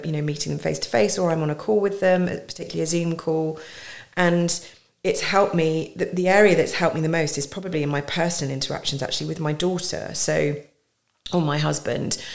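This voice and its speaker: Middle-aged woman, low pitch, executive coach being interviewed; chatty, explanatory, quick to laugh. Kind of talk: conversational podcast interview.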